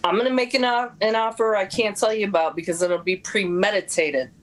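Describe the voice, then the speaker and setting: A woman taking quick joking turns in a live improv comedy game. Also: medium pitch, a little hiss or hum, low-quality recording. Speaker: improv performer.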